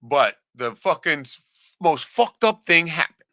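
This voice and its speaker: A man telling a profane story in casual chat, animated, laughing often and acting out the voices of others. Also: fairly high pitch, measured pace, dry recording, studio quality. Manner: animated, swears a lot, laughs often, acts out quoted voices.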